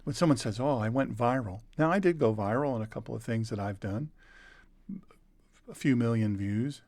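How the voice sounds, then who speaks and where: Older male pastor-host, middle pitch, earnest and conversational, repeats for emphasis, dry close mic. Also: moderate pace, a little mellow, dry recording. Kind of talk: conversational sermon.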